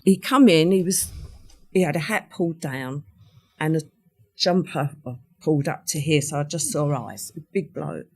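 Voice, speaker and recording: An older woman, a guest on a podcast, recounts a personal story in conversation, vividly acting out what others said. Her voice sits low and sounds husky, at a moderate pace.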